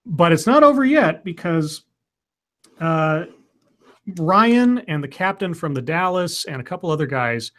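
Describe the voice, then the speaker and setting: Male podcast co-host, slightly higher pitch, rambling casual plot recap. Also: expressive, a little slow, a bit bright. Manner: rambling retelling with fillers and restarts. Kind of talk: casual movie recap chat.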